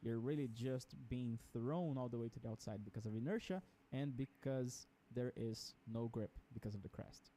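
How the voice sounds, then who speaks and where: Mellow-voiced man coaching a racing lap. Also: mid-range voice, moderate pace, few pauses, slight background noise. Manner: animated, explains with vocal sound effects. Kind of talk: instructional lap analysis commentary.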